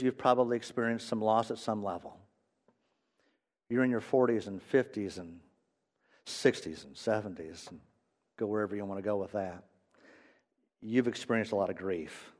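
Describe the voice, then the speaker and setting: A man preaching a sermon, swinging between loud emphasis and quiet, earnest stretches and often repeating words. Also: fairly low pitch, long reverb tail. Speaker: pastor.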